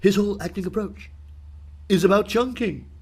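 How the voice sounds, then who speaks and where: A man's voice: high voice, moderate pace, gravelly, a little mellow, slightly rough. Male English teacher giving conversational feedback. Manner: conversational, with many ums and uhs, stressing words to demonstrate. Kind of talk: online speaking feedback lesson.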